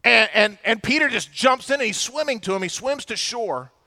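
Male pastor, high bright tone, animated sermon storytelling with acted-out voices. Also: normal speed.

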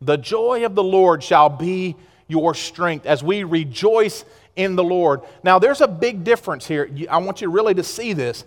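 A male pastor from the United States, preaching a sermon with passion and moving between loud exhortation and hushed asides. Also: high-pitched, expressive, moderate pace. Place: church sanctuary. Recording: long reverb of a large hall.

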